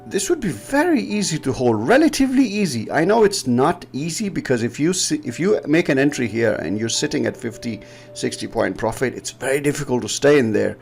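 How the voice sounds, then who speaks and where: Gravelly man with a Pakistani accent. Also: medium pitch, very animated, a little fast, few pauses, darkish tone, soft background music. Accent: Pakistani English. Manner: rambling, explanatory, laughs often. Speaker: trading educator. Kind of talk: casual chart-analysis chat.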